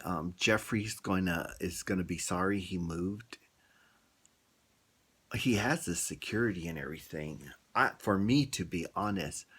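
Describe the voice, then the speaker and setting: A man's voice: deep voice, a bit bright, slightly rough. A man vlogger telling a story in a casual, chatty way and asking his viewers questions.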